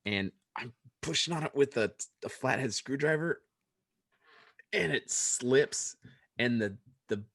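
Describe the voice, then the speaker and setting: A young man on a podcast who tells stories with real animation, his pitch jumping around as he acts out what everyone said. His voice sits in an ordinary middle register and sounds close and dry, with no room echo at all. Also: unhurried, vocal fry, pauses often. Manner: animated storyteller acting out quoted lines. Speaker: podcast co-host. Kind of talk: casual chat.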